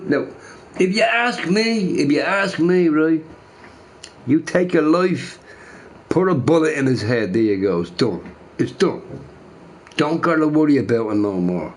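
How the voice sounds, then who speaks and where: A man's voice: mid-range voice, darkish tone. A man ranting casually to his chat, repeating himself emphatically. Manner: emphatic, repeats phrases, says bro a lot.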